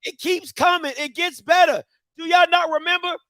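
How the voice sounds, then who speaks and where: A man's voice: very high-pitched, fairly even intonation, moderate pace, heavy background noise. A man hosting a heated commentary rant, firing repeated rhetorical questions at viewers in a preacher-like call-and-response cadence. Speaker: commentary show host.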